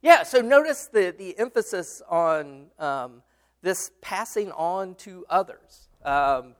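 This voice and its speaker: A man's voice: sits high, lively intonation, slow. A man leading a Bible study discussion, explaining a passage with many fillers and restarts and answering his students. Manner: explains patiently, responds to students.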